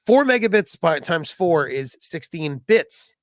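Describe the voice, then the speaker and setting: Podcast co-host, man, animated sarcastic joker, close dry mic. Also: on the high side, measured pace, no room sound. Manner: joking, sarcastic, does silly voices. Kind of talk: casual comedic chat.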